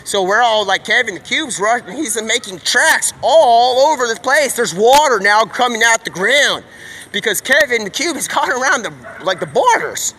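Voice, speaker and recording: A man livestreaming, talking in a rambling, slangy, excitable stream of thought. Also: very high voice, normal speed. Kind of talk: rambling live-stream monologue.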